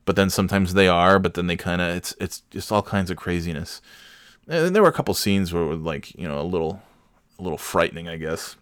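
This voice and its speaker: A man's voice: deep voice, expressive, fairly quick, a bit bright, clean tone, no room sound, clean studio sound. A man chatting casually about a movie, rambling and profane, mocking himself as he goes.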